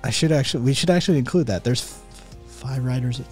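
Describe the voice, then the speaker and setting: A man's voice: medium pitch, fairly quick, a little mellow, soft background music. A man who says he is sick and in pain, ranting with constant swearing while he reads and answers his chat. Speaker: streamer. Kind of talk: ranting live stream chat.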